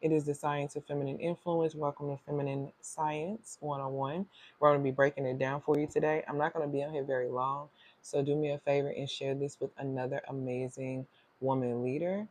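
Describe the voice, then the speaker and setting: A woman's voice: low-pitched, flat delivery, brisk, darkish tone. A woman hosting a casual livestream as a leadership coach, chatty and welcoming, greeting viewers over and over as they join. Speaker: feminine leadership strategist, livestream host.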